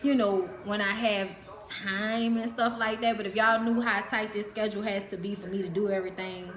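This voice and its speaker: A vlogger from New Orleans, USA, hosts a live Q&A in a casual chat, speaking frankly and profanely and laughing often. She has a New Orleans accent and a medium-pitched, fairly even, slightly bright voice, talks briskly, and the recording carries a roomy echo.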